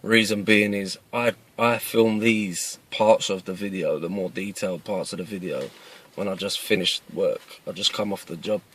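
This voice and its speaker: A man's voice: sits low, fairly even intonation, moderate pace, fairly bright tone, husky. A man in his thirties from East London with a Cockney accent, talking earnestly to camera from inside a parked car, plain-spoken and often restarting his phrases. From East London, England. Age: 30s. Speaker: self-defence video maker. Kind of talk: casual talk to camera.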